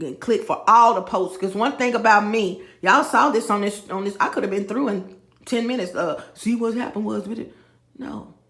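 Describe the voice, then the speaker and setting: A woman with a medium-pitched, slightly bright voice vlogs in a casual monologue. She speaks emphatically straight to viewers, calls them "y'all," and repeats her points and phrases. The recording has an echoey room sound.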